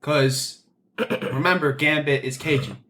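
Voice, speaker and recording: A man's voice: a little high, pushed and bright. A man co-hosting a podcast, giving firm opinions in casual chat, often restarting his sentences. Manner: opinionated, talks in quick bursts with restarts. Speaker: podcast co-host.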